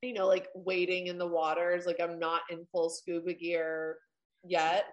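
A woman's voice: lowish voice, level tone, unhurried, muffled recording. A woman co-hosting a podcast in casual chat, rambling with many fillers and swearing. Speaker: podcast co-host.

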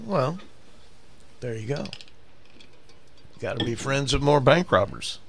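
A man co-hosting a podcast, chiming in with short reactions and quick quips. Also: mid-range voice, sing-song, vocal fry, a crowd in the background. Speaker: podcast co-host. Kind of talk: casual comedic chat.

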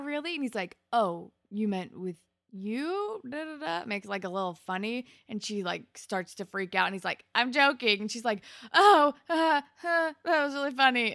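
A young woman chats through a TV episode, often laughing and mimicking characters. Her mid-pitched voice has a gravelly fry, and the sound is dry and close. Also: a bit bright, no echo. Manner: chatty, laughs often, acts out quotes. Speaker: podcast co-host. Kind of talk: casual TV recap chat.

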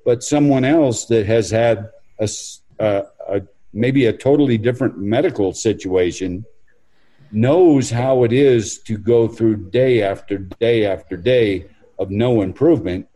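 A man's voice: lowish voice, measured pace, dark tone, rough recording. A man answering interview questions in an earnest, reflective way. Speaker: interview guest. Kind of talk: casual interview.

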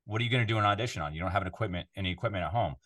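A man from Canada with a fairly low voice talks casually as a podcast guest. He rambles, restarts his sentences and grows animated when he tells stories. He records from the control room of his home studio. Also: racing. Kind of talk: casual interview chat.

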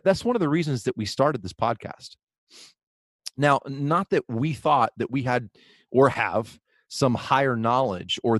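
A man's voice: medium pitch, no echo. Man, podcast co-host, earnest sermon-like talk, frequent ums, dry close sound. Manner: earnest, reads quotes aloud with many fillers and restarts. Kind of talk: casual podcast talk, preaching on theology.

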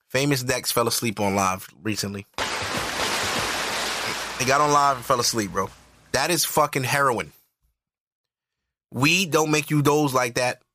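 A man hosting a podcast alone, ranting loudly and profanely in disbelief. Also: medium pitch, no room sound, clean studio sound. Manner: loud, profane, incredulous ranting. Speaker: podcast host. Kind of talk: ranting solo podcast commentary.

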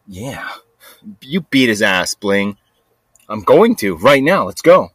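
A man tells a casual story on his podcast, in a mid-range voice recorded close and dry. He rambles and keeps talking to himself. His voice drops to a mutter, then jumps out loud without warning. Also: lively intonation, moderate pace, no room sound. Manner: rambling, restless, talks to himself with lots of "like" and "freaking"; swings between low mutters and sudden loud outbursts. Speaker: podcast host.

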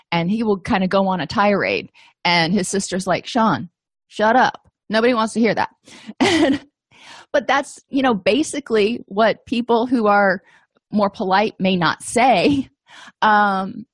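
A woman's voice: mid-range voice, no echo, clean studio sound. A middle-aged woman teaching counseling skills in a conversational, matter-of-fact lecture with casual asides. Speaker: counseling instructor. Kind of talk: recorded lecture.

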